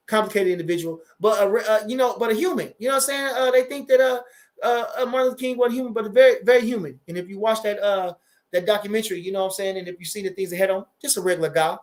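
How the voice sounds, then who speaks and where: Reading viewer comments on his livestream, a boxing trainer in his forties keeps things casual and loose. He has a fairly high voice and an animated, foul-mouthed style, often going back over his own words and repeating phrases.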